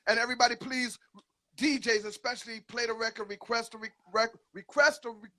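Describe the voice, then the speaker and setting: A man's voice: extremely high pitch, steady tone, a little fast, sharp tone. A man hosting a radio show, chatting casually with a guest in hyped, slangy talk and laughing often. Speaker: radio DJ host. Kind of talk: casual radio interview chat.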